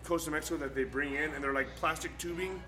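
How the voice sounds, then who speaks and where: A man's voice: fairly high pitch, fast. A young man telling a story in casual chat, acting out the people in it, swearing and laughing as he goes. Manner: animated, acts out voices, swears, laughs mid-story. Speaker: storyteller guest.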